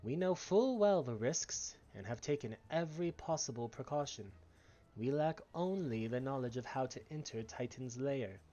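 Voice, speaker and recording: Here is a resolute female mage who talks in slow, formal, earnest lines, as a man puts her on. The pitch sits mid-range, and the recording is dull and lo-fi. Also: lively intonation, dark tone, lightly acted. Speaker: streamer reading game dialogue.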